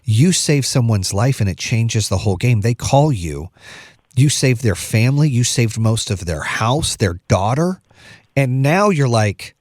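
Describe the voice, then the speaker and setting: Enthusiastic host who calls people "dude". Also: male voice, mid-range voice, expressive, moderate pace, darkish tone, no echo, studio quality. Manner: enthusiastic, bro-ish, says "dude". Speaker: podcast host. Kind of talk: casual interview chat.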